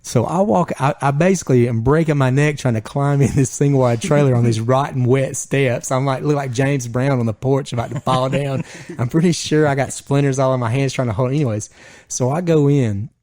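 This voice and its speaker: A man co-hosting a podcast, telling a long, animated story. His voice jumps up whenever he quotes himself. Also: medium pitch, fairly quick, no room sound, clean studio sound. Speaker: podcast co-host. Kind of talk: casual storytelling chat.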